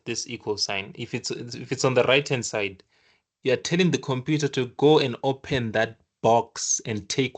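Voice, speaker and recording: Sharing his screen, a programming tutor talks through a lesson in a mid-range voice, easygoing and spirited. His speech is full of halting restarts as he thinks, plus quick asides mimicking the computer's scolding.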